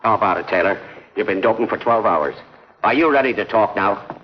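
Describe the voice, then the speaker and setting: A man playing a police inspector who questions a suspect calmly, in a 1950s radio drama. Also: lowish voice, fairly quick, close to an everyday voice. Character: steady middle-aged male police inspector. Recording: dull lo-fi 1950s recording with faint noise.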